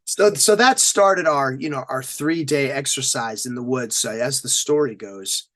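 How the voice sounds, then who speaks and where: A middle-aged military veteran guests on a podcast, telling stories, acting out quotes and sound effects, and swearing freely. His medium-pitched voice is fairly bright and a little slow.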